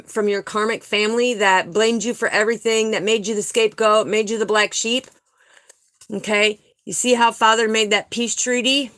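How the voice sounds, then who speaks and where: A middle-aged woman with a slightly high voice leads a live spiritual card reading. She speaks emphatically, repeating her key phrases in a preacher-like rhythm. She keeps checking in with her listeners as she goes. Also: sharp tone. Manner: emphatic, repeats phrases, preacher-like cadence with "okay?" and "right?" tags. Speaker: spiritual tarot reader.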